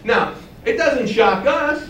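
A high-voiced man preaching a sermon in a roomy, echoing church, heard from a little way off the mic. He teaches with lively swings of pitch and volume and asks the congregation rhetorical questions. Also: slow, recorded from a distance, slight background noise. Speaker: pastor.

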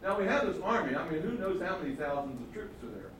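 A man preaching a Bible lesson, telling the story with animated voices for the characters. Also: fairly high pitch, fast talker. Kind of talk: Bible teaching sermon. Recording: echoey hall, distant mic, faint noise.

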